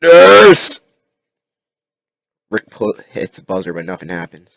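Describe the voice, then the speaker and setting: A man narrating an improvised story in a halting way, with many restarts. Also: sits low, fairly even intonation, dry recording. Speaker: amateur narrator.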